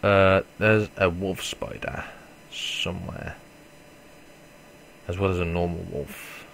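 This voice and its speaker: A man's voice: low voice, level tone, slow pace, vocal fry, slight background noise. A man giving casual let's play commentary, swearing and joking at himself as he plays. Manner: swearing, self-mocking, reacts loudly then mutters. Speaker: gamer.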